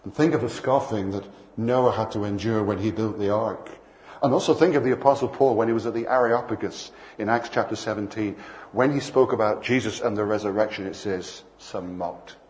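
A man's voice: fairly low pitch, fairly quick, a little mellow. An older man preaching a sermon, telling playful anecdotes and acting out bits of dialogue.

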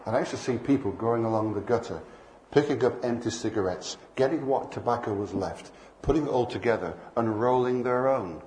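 A man's voice: medium pitch, brisk, darkish tone, slight background noise. An older man preaching a sermon, telling playful anecdotes and acting out bits of dialogue.

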